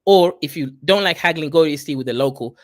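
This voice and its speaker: Host, man from Kenya, chatty advice-giver, higher voice, dry close sound. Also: quick pace, no echo. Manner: chatty, advice-giving, says "right?" often. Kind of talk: casual chat with friends.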